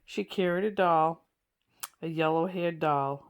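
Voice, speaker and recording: Woman storyteller, low pitch, reads an old children's book aloud with chatty asides. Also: fairly even intonation, moderate pace. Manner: warm, chatty asides between passages. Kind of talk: reading aloud to listeners.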